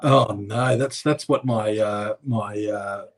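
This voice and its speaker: A man's voice: on the low side, steady tone, slow pace. A man from Australia, a politician guest speaking in a casual interview, hesitant with many fillers and restarts.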